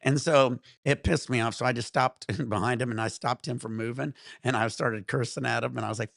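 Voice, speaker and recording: Stream host, male, gravelly voice, dry close sound, swearing through a road-rage story. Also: mid-range voice, a little fast, hardly any pauses, no echo. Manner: profane, animated ranting. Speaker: livestream host. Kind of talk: casual storytelling to stream chat.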